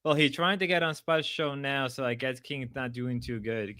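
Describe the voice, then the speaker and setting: A young man hosting a livestream, loud, erratic and crude as he riffs at chat. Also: mid-range voice, fairly even intonation, normal speed, hardly any pauses, no echo. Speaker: livestream host. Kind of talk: casual stream chat.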